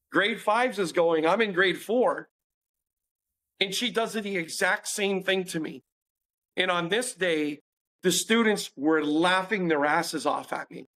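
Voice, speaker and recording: A man with a fairly high voice tells a personal story as a podcast guest. He is earnest and confessional and acts out the lines of the people he quotes. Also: fairly bright tone.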